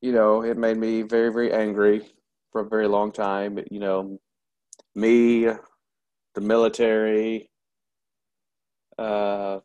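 A man, a military veteran, telling a painful personal story in an interview, halting and candid with many pauses and restarts. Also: lowish voice, little pitch movement, a little mellow, smooth, muffled recording.

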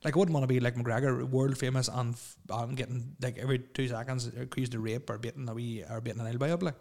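A man's voice: medium pitch, flat delivery, quick pace, a little mellow. Young man, casual banter, rambling, crude jokes. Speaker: podcast co-host.

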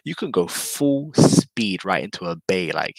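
A man with a London accent talks in a low, gravelly voice, easygoing and slangy as he rambles and repeats himself. His voice sounds close and dry, as a guest in a casual interview chat. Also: very animated, measured pace, no room sound, rough recording. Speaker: guest, drifter.

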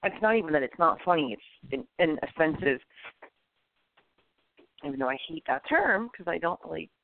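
A man hosting a podcast in casual chat, animated and opinionated, rambling with many restarts. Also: a little high, moderate pace, vocal fry. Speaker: podcast host. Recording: tinny phone-like lo-fi audio, dry.

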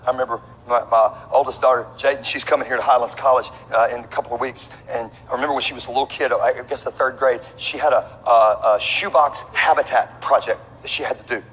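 A middle-aged man preaching a sermon as pastor, an animated storyteller who throws asides to the congregation. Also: medium pitch, fast, few pauses. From Texas. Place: large church auditorium. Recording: long hall reverb with faint room noise.

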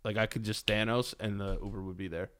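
A man's voice: lowish voice, fairly even intonation, quick pace, a bit bright, smooth. Blunt, joking young man podcaster. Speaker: podcast co-host. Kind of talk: casual chat.

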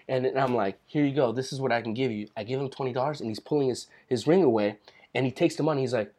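A man's voice: medium pitch, fast talker, darkish tone, breathy edge. A young man co-hosting a casual podcast, telling stories loosely and swearing freely. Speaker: podcast co-host.

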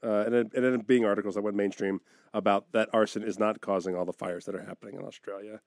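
A man's voice: fairly low pitch, steady tone, quick pace, gravelly, a little mellow, no room sound, studio quality. A man co-hosting a comedy podcast, rambling and hesitant with lots of fillers as he jokes with friends. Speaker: podcast co-host. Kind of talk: joking podcast banter.

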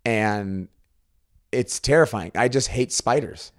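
A man co-hosting a casual chat about music videos, playful and quick to imitate voices. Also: medium pitch, no echo, clean studio sound. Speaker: co-host.

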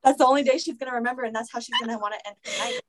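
A young woman co-hosting a podcast, reading stories aloud and reacting with gasps and loud, profane commentary. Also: fairly high pitch, very fast. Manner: animated, gasps and reacts loudly, swears casually. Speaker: podcast co-host.

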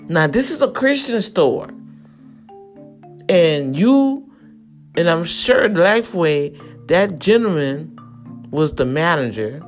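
A woman with a notably low voice tells her story straight to her viewers. She talks in a chatty, looping way, calls out to her audience and circles back over her words. Soft guitar music plays faintly behind her. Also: very animated, takes it slowly, long pauses. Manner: chatty, addresses viewers directly, repeats words as she goes. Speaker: vlogger sharing a personal story.

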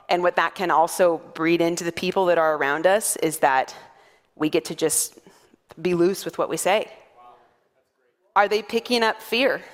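Her medium-pitched voice fills a large hall as this thirtysomething woman pastor delivers a sermon to her congregation. Her storytelling is playful and punctuated by frequent laughter.

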